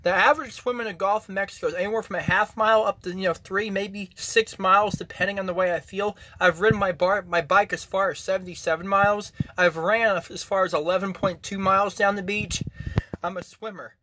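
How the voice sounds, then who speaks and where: Agitated young man ranting, bright high voice. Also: steady tone, a little fast, a little hiss or hum. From Florida. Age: 20s. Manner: agitated, repetitive, swearing. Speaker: vlogger. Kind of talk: angry personal rant to camera. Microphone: phone camera.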